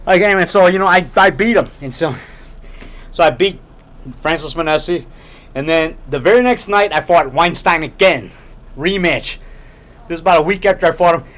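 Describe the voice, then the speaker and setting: A man's voice: on the high side, moderate pace, pauses often, fairly bright tone. A middle-aged man chatting casually to a camera in a grocery store, rambling and repeating himself, often tacking on "man". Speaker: low-budget filmmaker and video blogger. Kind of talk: casual rambling vlog chat. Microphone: handheld camera held by a friend.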